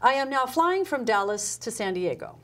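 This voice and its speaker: Lively middle-aged woman telling stories. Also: on the high side, moderate pace. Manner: animated, acts out her own past dialogue. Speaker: guest, customer service speaker. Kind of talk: casual interview storytelling.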